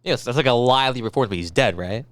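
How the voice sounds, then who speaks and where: A man's voice: mid-range voice, dry recording. A man in his thirties co-hosting a podcast, bantering casually and jumping into goofy impressions. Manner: jokey, quick to break into goofy impressions. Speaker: podcast co-host.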